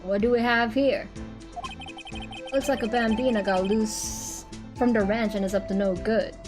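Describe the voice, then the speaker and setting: A woman voicing a swaggering male cowboy, putting on a slow country drawl with folksy threats. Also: sits high, animated, over music. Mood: folksy menace.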